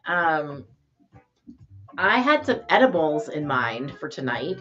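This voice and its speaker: A middle-aged woman hosts a casual live stream, chatting in a bubbly way and greeting viewers one by one. Her voice sits somewhat low. The sound is a bit dull and lo-fi, with faint music underneath. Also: sing-song, takes it slowly, fairly bright tone.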